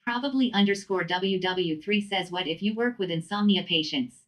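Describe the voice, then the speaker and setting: A woman's voice: mid-range voice, moderate pace. Synthetic woman's voice reading chat. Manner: even, mechanical delivery. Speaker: text-to-speech chat reader.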